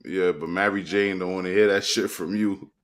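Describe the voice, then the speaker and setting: A man's voice: sits low, steady tone, moderate pace. A man co-hosting a casual stream chat, teasing the others with laid-back jokes.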